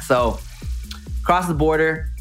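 Comic storyteller, male, animated, acts out voices, faint music underneath. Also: on the high side, takes it slowly. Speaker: guest storyteller. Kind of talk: comic travel anecdote.

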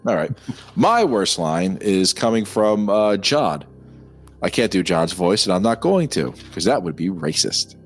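Fields: Sex: man. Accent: American. Pitch: low, lively. Music: faint synth behind. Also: measured pace. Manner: animated, hesitant restarts. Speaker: co-host. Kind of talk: casual film discussion.

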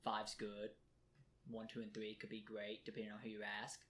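A man's voice: fairly low pitch, moderate pace, slight background noise. Playful man co-hosting a nerd podcast. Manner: playful, teasing, gets excited about anime. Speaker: podcast co-host. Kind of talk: casual chat.

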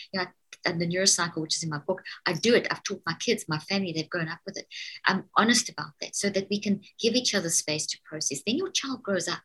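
Middle-aged woman from south africa, guest on an interview, emphatic and lively, acting out parents talking to kids, a bit husky. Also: mid-range voice, fast, rough recording. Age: four adult children, middle-aged or older. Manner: emphatic, animated, acts out what parents say to children. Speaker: guest, cognitive neuroscientist. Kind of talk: interview conversation.

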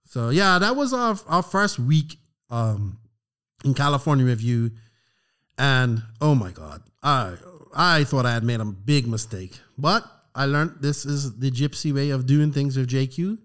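A middle-aged man telling a story on a podcast, animated and profane, acting out the lines of the people in it. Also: medium pitch, unhurried. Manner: animated, profane, acts out quotes. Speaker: podcast co-host. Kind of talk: casual storytelling chat.

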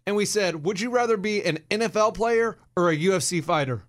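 A man's voice: high voice, lively intonation, brisk. A man co-hosting a casual sports talk show, boastful and teasing. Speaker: co-host.

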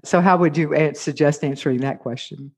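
Thoughtful man hosting an advice talk. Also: on the high side. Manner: measured, thoughtful, with fillers. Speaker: host. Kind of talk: casual interview talk.

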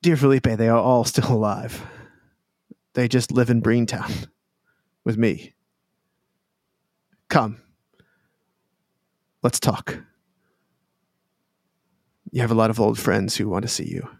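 A gravelly, gentle old elf woman, voiced by a man. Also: mid-range voice, fairly even intonation, slow, pauses often, no echo, clean studio sound. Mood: fond.

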